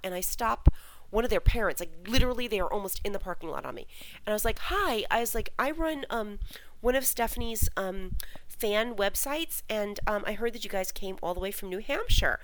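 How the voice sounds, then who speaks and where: A woman in casual chat, telling a long anecdote with a lively, swooping voice. She acts out everyone in the story, and faint background noise sits under her words. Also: mid-range voice, low-quality recording. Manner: animated, acts out quoted voices. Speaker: fan website host.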